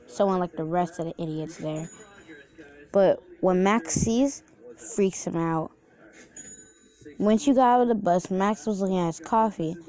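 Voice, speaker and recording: A woman's voice: mid-range voice, warm tone. Chatty young woman telling a story. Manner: unpolished and chatty, with asides to the listener. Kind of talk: casual reader-insert story narration.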